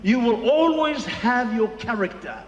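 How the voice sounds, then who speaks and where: High-voiced Samoan preacher in an echoey hall. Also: male voice, animated, dull audio. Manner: preaching in Samoan and English by turns, slow emphatic phrases. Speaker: pastor. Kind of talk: sermon. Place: large church hall. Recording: echoey hall with long reverb.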